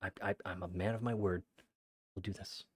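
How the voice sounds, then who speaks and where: A man streaming a game as a VTuber, reading viewer messages aloud in a flat, rattled-off list and sounding exasperated. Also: low voice, fairly quick, slightly rough, no room sound. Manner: exasperated, rambling. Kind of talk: casual livestream chat while gaming.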